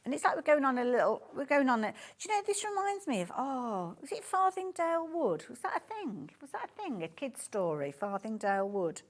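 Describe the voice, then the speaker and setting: A woman's voice: high-pitched, very animated, brisk, hardly any pauses. A woman with a Birmingham accent presenting on a live shopping channel, chatty and gushing, often breaking off mid-sentence. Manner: chatty, gushing, self-interrupting. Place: TV studio.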